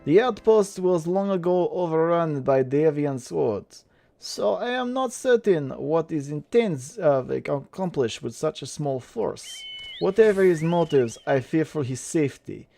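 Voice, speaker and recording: A man's voice: a little high, expressive, a little slow, creaky, dark tone, soft background music. A man voicing a solemn quest giver in a mock Russian accent, reading game dialogue aloud.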